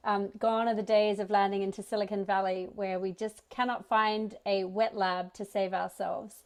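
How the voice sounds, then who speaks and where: Australian woman, event host, upbeat conference welcome, medium pitch. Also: level tone, normal speed. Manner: upbeat, enthusiastic.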